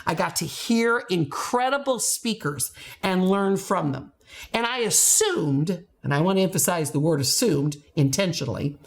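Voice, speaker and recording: Middle-aged American woman, former school principal; earnest storyteller with a lively, swooping delivery. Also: mid-range voice. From United States. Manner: earnest, emphatic storytelling with rising exclamations. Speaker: education company founder, former principal. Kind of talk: personal story to camera.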